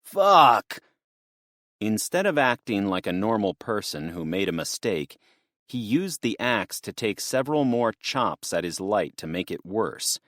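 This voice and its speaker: Reading an audiobook in a calm, even storytelling style, this man's voice leans low. The audio is studio grade and free of echo.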